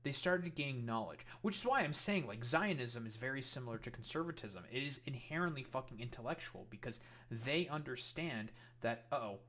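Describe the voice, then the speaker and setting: A man hosting his own stream, talking in a heated, profane rant. His pitch sits in an ordinary middle range. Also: expressive, fairly quick, few pauses, pushed and bright. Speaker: streamer host. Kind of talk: casual political commentary stream.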